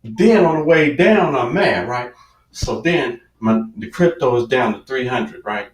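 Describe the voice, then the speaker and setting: Guy telling a story on himself, acts out arguing with himself, average pitch, roomy echo. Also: a little slow. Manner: animated, self-mocking, acts out his own inner dialogue. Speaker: finance and investment coach. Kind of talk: storytelling monologue. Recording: echoey room.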